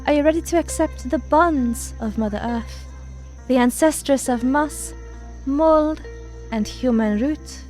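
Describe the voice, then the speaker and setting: Soothing ceremonial priestess, as a woman reads her, slow, faint music under it. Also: high voice, darkish tone, voice pushed up, low-quality recording. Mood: solemn.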